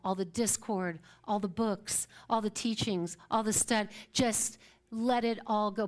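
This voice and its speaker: Woman minister, higher voice, conversational sermon, many restarts. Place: church service.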